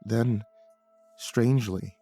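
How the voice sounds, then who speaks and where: A man narrating a horror story in a hushed, grave manner. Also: mid-range voice, fairly even intonation, slow pace, soft background music.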